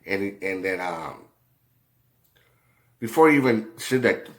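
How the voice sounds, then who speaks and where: Low-voiced man telling a rambling story. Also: expressive. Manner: halting, many fillers and restarts, swears freely. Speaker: commentator.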